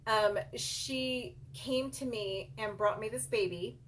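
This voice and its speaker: A woman's voice: fairly high pitch, takes it slowly, a bit bright, slight background noise. Earnest woman sharing a heartfelt story. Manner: earnest, emotional, addresses viewers as "you guys". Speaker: child care business coach and center owner. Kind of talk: heartfelt personal story to viewers.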